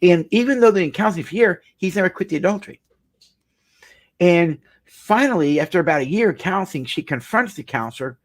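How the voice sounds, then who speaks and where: A man's voice: high voice, animated, quick pace. A middle-aged male marriage counselor telling a client story in an earnest, emphatic way, often repeating phrases for weight. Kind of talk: storytelling talk.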